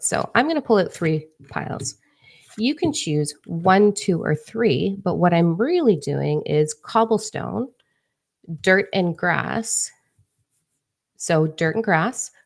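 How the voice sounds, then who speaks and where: A woman with a low, gravelly voice full of vocal fry. She livestreams from her phone as a spiritual coach. She talks in a brash, emphatic and profane way. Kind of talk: livestream talk to viewers.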